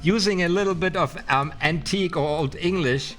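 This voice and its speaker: A man's voice: a little high, fairly bright tone, soft background music. A man with a German accent, a non-native English speaker, teaching card magic in a casual live stream, reading aloud and sounding out words with many fillers. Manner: chatty and playful, hesitant with fillers, sounds out words slowly.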